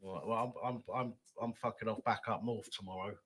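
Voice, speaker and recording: A man's voice: lowish voice, steady tone, brisk, a crowd in the background. Chatty man hosting a call-in stream. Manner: chatty, swears freely, repeats words. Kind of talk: casual call-in chat.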